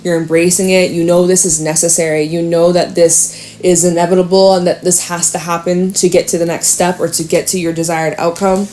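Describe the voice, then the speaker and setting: A woman giving a casual tarot reading, chatty and excitable, swearing and laughing now and then. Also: lowish voice, fairly quick, a little hiss or hum. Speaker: tarot reader.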